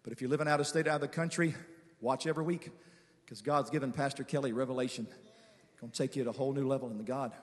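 A man preaching a guest sermon, calling on the congregation to respond, moving between quiet conversational asides and shouted, drawn-out declarations. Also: mid-range voice, fairly even intonation. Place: large church sanctuary with reverb. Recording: long church hall reverb.

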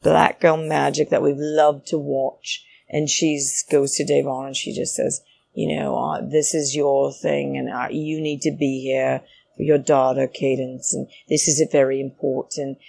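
A woman's voice: a bass voice, level tone, unhurried, creaky, a little mellow, breathy edge. A woman chatting casually as she recaps a reality show, rambling and indignant in her asides.

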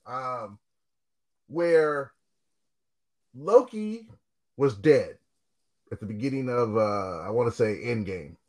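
A man's voice: mid-range voice, lively intonation, slow, long pauses, darkish tone. A man co-hosting a casual podcast, pressing a question and circling back to it. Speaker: podcast co-host. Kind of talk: casual chat.

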